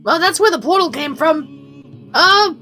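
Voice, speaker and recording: A woman voicing a small, excitable male adventurer who fires off eager, bubbly questions. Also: extremely high pitch, faint music behind, heavily acted. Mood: chatty. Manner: bubbly, rapid-fire questions.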